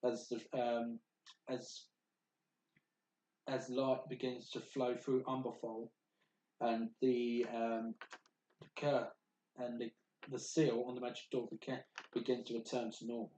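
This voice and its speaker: A man narrating a tabletop game as game master, halting with many ums and restarts. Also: mid-range voice, little pitch movement, mellow, slight background noise. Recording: echoey room.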